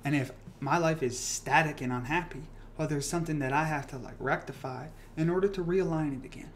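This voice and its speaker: On the high side and fairly quick, a young man's voice carries a casual livestream where he swears, rambles, and gets worked up reacting to comments. Faint background noise is present.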